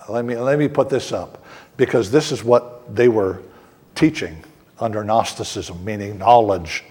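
A man preaching a sermon in an earnest, steady way, slowing down on key words for emphasis. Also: mid-range voice, breathy edge, long reverb tail. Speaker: pastor.

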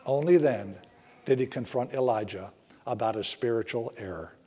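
A man preaching a sermon in an earnest way, often slowing down and dropping to a hush for emphasis. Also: medium pitch, husky. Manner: earnest, slows and softens for emphasis. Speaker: pastor.

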